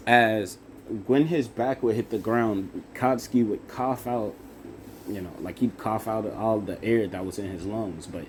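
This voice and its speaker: Slow, low-voiced young man telling a story. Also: darkish tone, a little hiss or hum. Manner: halting, unscripted, with many fillers and self-corrections. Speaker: fan fiction storyteller. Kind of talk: improvised spoken fan-fiction narration.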